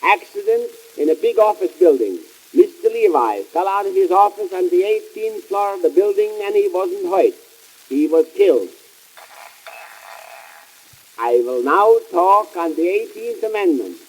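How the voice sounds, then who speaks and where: A man playing Cohen, a wisecracking immigrant comic businessman, in 1920s vaudeville comedy record style with deadpan punchline patter. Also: high-pitched, a little slow, husky, full character voice, rough recording. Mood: announcing.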